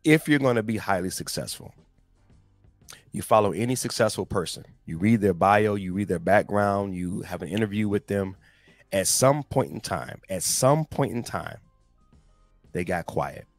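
Reading scripture and speaking straight to "you guys," a man hosts a casual motivational talk in slangy, emphatic bursts. His voice sits on the low side with lively intonation and a moderate pace, over soft background music with no room sound.

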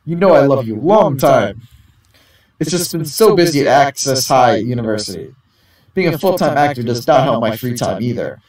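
A man's voice: mid-range voice, animated, moderate pace, darkish tone, natural voice. A man voicing a vain, glamorous young female celebrity actor while reading game dialogue aloud, showy and self-satisfied. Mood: playful. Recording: echoey, distant from the mic.

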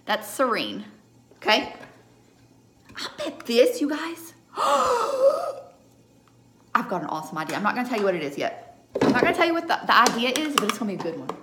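A woman's voice: a little high, big pitch swings, rapid-fire, a bit bright, a little hiss or hum. A young woman chatting through a live makeup tutorial at home, checking in with her viewers after nearly every step. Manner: chatty, keeps checking in with "okay?". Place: home room under a ring light. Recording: echoey room.

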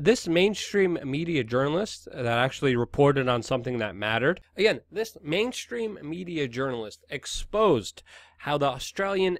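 A man's voice: a little high, a bit bright, no room sound, studio quality. A man hosting an online news commentary, talking in an indignant, emphatic and sometimes sarcastic way. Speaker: host.

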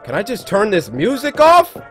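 A man giving lively let's play commentary, joking and shouting as he plays a horror game. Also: high voice, moderate pace, faint music behind. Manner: animated, yelps and jokes while playing. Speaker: gaming video host.

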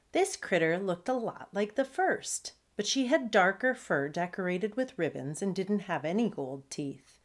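Woman author, children's chapter book read-aloud, lower voice, very lively intonation, slow careful pace. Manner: warm storyteller, expressive.

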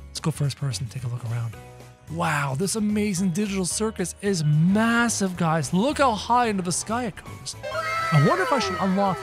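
Excitable high-voiced gaming host. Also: male voice, normal speed, over music. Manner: excitable, yelping at the screen. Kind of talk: game commentary.

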